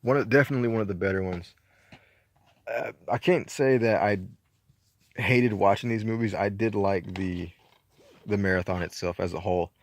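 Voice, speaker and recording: A man's voice: lowish voice, normal speed, long pauses. A man with a Southern accent from Georgia, chatting casually and rambling through his movie collection, laid-back and a bit profane. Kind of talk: casual chat.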